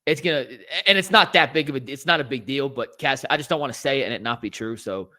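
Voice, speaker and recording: A man's voice: mid-range voice, fast, bright, forceful tone. A man hosting a sports talk show, talking animatedly and rattling off statistics.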